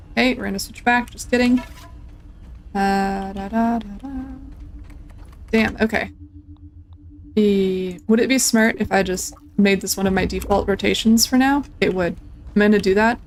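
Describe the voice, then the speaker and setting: With slight background noise behind her mid-range voice, a young female gameplay streamer gives casual let's-play commentary. She keeps it playful and chatty, addressing enemies as well as her viewers.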